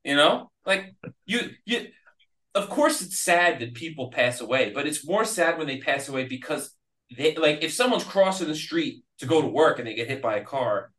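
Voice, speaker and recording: A man's voice: fairly high pitch, sing-song, normal speed, a bit bright. Blunt, swearing man in an echoey room. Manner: blunt and profane, arguing with hypotheticals. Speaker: podcast co-host. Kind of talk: casual chat, opinionated argument. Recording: roomy echo.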